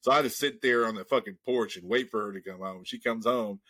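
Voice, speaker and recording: A podcast host chats casually, telling a long, profane story and acting out the voices of the people in it. His fairly low, husky voice is sharp in tone, and he talks at a quick pace.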